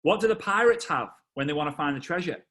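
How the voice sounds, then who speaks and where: Brief: man voicing a fatherly coach, encouraging, steady, lightly raised voice. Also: on the high side, fast. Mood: earnest mentoring. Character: fatherly male mentor, calm and encouraging.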